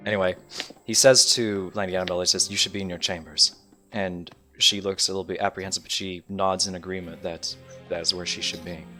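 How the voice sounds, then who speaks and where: A man's voice: low-pitched, little pitch movement, brisk, sharp tone, faint music behind. A man narrating a tabletop game as game master, describing the scene in a loose, casual way.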